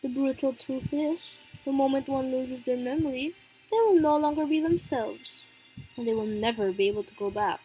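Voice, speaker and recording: A mocking, theatrical mystery man, as a woman reads him, smooth and taunting. He sounds high for a man, and every question comes out as a cool, teasing challenge. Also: normal speed, dark tone, soft background music, lightly acted, poor audio. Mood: cold.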